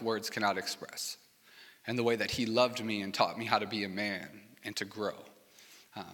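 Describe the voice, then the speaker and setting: A man's voice: mid-range voice, sharp tone, big-room sound. A young adult man preaching a sermon as pastor, in a personal, conversational way with heartfelt asides, from a church stage.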